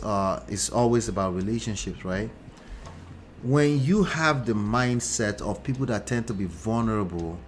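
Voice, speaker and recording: A man's voice: medium pitch, a little hiss or hum. A man with a mixed Nigerian and New Jersey accent, hosting casual commentary in a chatty way, often checking in with "right?". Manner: chatty, frequent rhetorical "right?" and asides. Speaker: relationship talk host.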